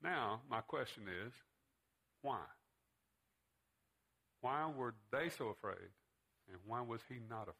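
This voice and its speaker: Guy teaching bible class, bright voice, keeps asking the room questions. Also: medium pitch, lively intonation, measured pace, creaky, long pauses, breathy edge. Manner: conversational, asks the class questions. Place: classroom with students.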